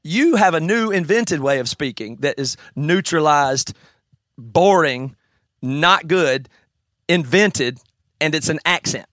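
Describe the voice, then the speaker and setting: Podcast guest: opinionated South Carolina Southern man, bright, higher-pitched voice. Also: animated, slow, no echo, studio quality. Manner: opinionated, ranting. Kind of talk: casual chat.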